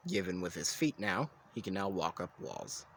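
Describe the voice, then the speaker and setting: Deep-voiced man rambling through a fan story. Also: very animated, moderate pace, a little hiss or hum. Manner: rambling, with restarts and asides. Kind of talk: improvised casual fan story narration.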